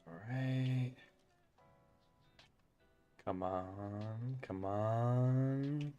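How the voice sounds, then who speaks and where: A man's voice: mid-range voice, drawn-out words, dark tone, muffled recording, faint music behind. A young man chatting casually to his viewers while playing a game, joking as he goes. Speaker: streamer. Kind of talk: casual gameplay commentary.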